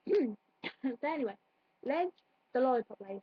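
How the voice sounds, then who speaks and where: A young woman rambles chattily with plenty of fillers, her voice a touch high and husky. The sound is dry and a little muffled, like a simple home recording. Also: animated, brisk, long pauses, no echo. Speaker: vlogger reviewing a play. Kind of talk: casual chat.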